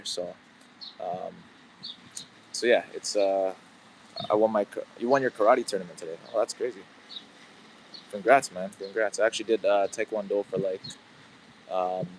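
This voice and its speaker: Low-voiced man chatting on a live stream. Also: fairly bright tone, slight background noise, rough recording. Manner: rambling, filler-heavy, chatting with viewers. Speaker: livestream host. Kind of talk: casual live-stream chat. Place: outdoors, about to head into work.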